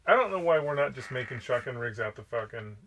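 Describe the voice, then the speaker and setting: A man's voice: mid-range voice, animated, fast talker, a bit bright, slight background noise. A man co-hosting a podcast, mostly agreeing and chiming in with short replies. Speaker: podcast co-host. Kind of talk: casual podcast chat.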